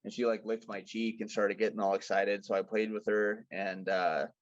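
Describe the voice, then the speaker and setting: A man's voice: lowish voice, normal speed, dry recording, highs cut off. A young man telling stories on a podcast in a casual, profane way, acting out the lines of the people in them. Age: young adult. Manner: animated, profane, acts out quoted dialogue. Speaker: podcast guest. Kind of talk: casual storytelling chat.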